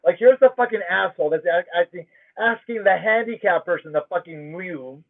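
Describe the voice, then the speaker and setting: High-voiced man ranting over tinny audio. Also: fairly quick. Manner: profane, ranting, emphatic. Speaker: livestream host. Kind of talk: casual livestream storytelling.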